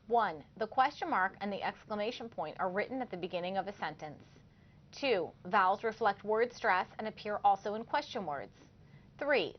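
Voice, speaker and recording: A woman co-hosting a short scripted language lesson, reading examples carefully and clearly. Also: medium pitch, highs cut off. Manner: clear, careful teacherly delivery. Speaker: language teacher co-host.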